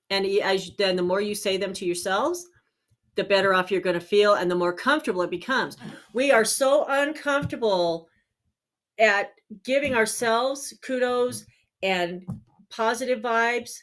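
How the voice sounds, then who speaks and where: A woman hosting a spiritual healing channel, talking earnestly and encouragingly straight to her viewers, sometimes pausing to search for a word. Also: mid-range voice, a bit bright. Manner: searches for words aloud with fillers. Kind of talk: casual self-help talk.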